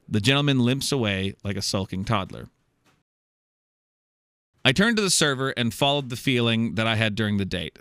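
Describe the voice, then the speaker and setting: Recorded in clean studio sound with no room sound, a man with a lowish voice and clean tone speaks at normal speed. He hosts a comedy podcast, reading out a listener's story while laughing and throwing in animated, jokey remarks.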